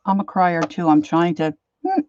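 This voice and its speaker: A woman's voice: on the low side, big pitch swings, moderate pace, a little mellow, dull audio, slight background noise. An older woman hosting an art livestream, chatting casually, greeting viewers by name and getting a little emotional. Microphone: computer mic, set far from her face.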